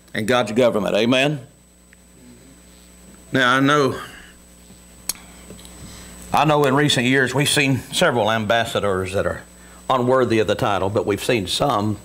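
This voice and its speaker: Preacher man swinging loud to soft. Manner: call-and-response preaching, asks the congregation questions; swings between booming emphasis and low quiet asides. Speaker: pastor. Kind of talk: sermon.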